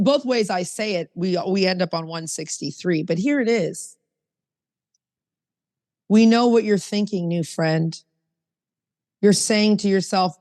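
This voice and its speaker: Woman podcast host, emphatic and lively, reads bits from the book, echoey long reverb. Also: medium pitch. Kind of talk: recovery podcast discussion.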